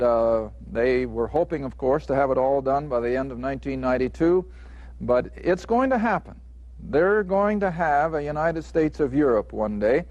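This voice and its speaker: A man's voice: on the high side, darkish tone, no room sound, highs cut off. Man teaching the Bible, earnest and emphatic. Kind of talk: conversational Bible lesson. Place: studio taping.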